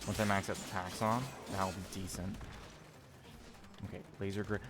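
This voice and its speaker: A man swearing and rambling casually as he streams a video game, reacting loudly to what happens on screen. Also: low voice, flat delivery, normal speed, long pauses, faint music behind. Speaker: gaming streamer. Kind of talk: casual gameplay commentary.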